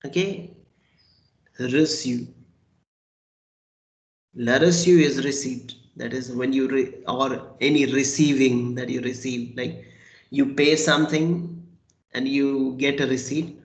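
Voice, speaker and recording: A man teaches French in an unhurried, patient way. He repeats each word and spells it out letter by letter. His voice sits in the middle range, and the room has a roomy echo. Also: medium pitch, fairly even intonation. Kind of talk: online language class.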